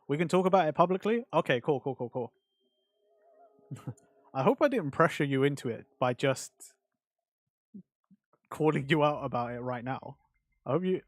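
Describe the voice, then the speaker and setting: A man's voice: medium pitch, moderate pace, pauses often, dry recording. A male streamer chatting casually on a livestream, rambling and answering chat with lots of fillers.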